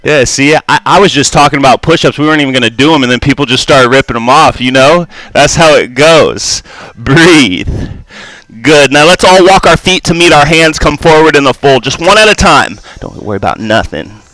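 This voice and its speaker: Bright-voiced guy teaching yoga, calm cues, lots of "right?", dry close sound. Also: a little high, moderate pace, no room sound. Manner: calm cueing with frequent "right?" and "good". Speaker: yoga instructor. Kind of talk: guiding a live yoga class. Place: yoga studio.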